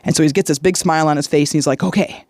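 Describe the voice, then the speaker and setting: A woman's voice: low voice, steady tone, rapid-fire, darkish tone, no echo, clean studio sound. A woman hosting a solo podcast, telling a story in a chatty way and checking in with the listener as she goes. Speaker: podcast host.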